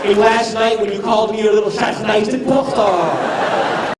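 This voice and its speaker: High-voiced comedian, echoey live room. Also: male voice, measured pace, heavy background noise. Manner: animated, mocking asides and acted-out voices. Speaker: stand-up comedian. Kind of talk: stand-up comedy set. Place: live comedy venue with audience. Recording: echoey room, mic from a distance, crowd audible.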